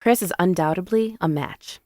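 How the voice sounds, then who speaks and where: A woman's voice: on the low side, moderate pace, a little mellow, dry recording, studio quality. A woman narrating a first-person romance story in an intimate, confiding way.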